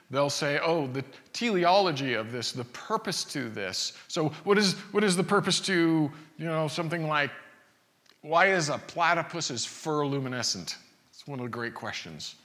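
A man's voice: on the high side, a bit bright. A man preaching a sermon in a conversational way, asking rhetorical questions and often restarting his sentences. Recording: reverberant hall.

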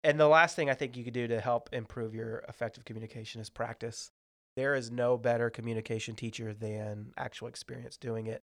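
A man's voice: mid-range voice, steady tone, a little fast, no echo, studio quality. Man giving friendly structured workplace tips. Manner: structured tips, light humor, acts out example dialogues. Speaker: podcast host. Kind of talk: casual teaching talk on workplace communication.

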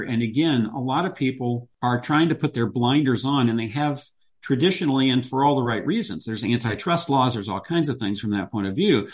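A man who is a podcast guest, explaining ideas at length and returning to his key phrases. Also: mid-range voice. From United States. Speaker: guest, business strategist. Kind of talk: podcast interview.

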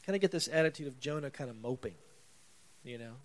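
A man's voice: medium pitch, expressive, fast. A man preaching a sermon in a conversational way, reading scripture aloud with rising emphasis. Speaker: pastor.

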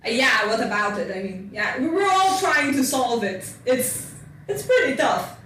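A woman's voice: a little high, sing-song, normal speed, fairly bright tone. A woman voicing a breezy young elf woman. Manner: offhand, shrugging replies. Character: young blonde elven woman, breezy and dismissive. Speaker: non-player character. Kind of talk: tabletop role-play acting. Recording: roomy, distant mic, faint noise.

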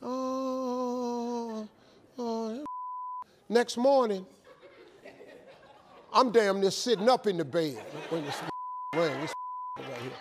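A man telling a motivational life story, animated and emphatic, acting out both sides of phone calls. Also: high voice, a little slow, long pauses, heavy background noise.

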